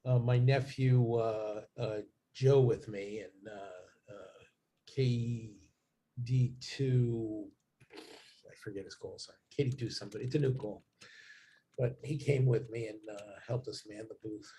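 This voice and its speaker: A man's voice: lowish voice, steady tone, measured pace, dark tone. Rambling man with a faint noise behind. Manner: rambling, many fillers and restarts. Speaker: guest. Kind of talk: casual chat.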